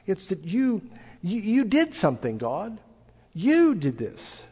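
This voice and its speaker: A man's voice: high voice, huge pitch swings, slow pace, a little mellow, slightly rough. A middle-aged man preaching a sermon, speaking earnestly and rising with emphasis when he quotes scripture. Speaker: pastor. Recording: dull lo-fi audio with long hall reverb.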